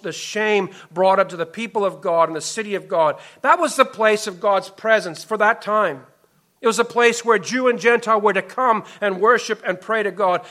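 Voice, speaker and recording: A man preaching from the pulpit in a high, bright voice. He is impassioned, rising to loud emphasis and then dropping to near-hushed pleading. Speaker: pastor. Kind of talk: sermon.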